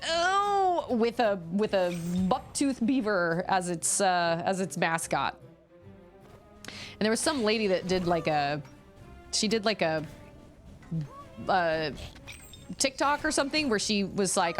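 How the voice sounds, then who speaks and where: A woman's voice: medium pitch, animated, moderate pace, faint music behind. A woman streaming a video game, chatting in a rambling, exclamatory way while she plays. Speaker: gaming streamer. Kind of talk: casual chat while playing.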